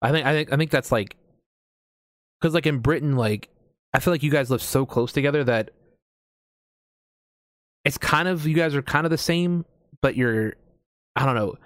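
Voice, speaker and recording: American dude chatting loose on a podcast, lots of likes and ums, dry close sound. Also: male voice, medium pitch, normal speed, long pauses, dry recording. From United States. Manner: rambling, swears casually, frequent fillers. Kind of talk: casual chat.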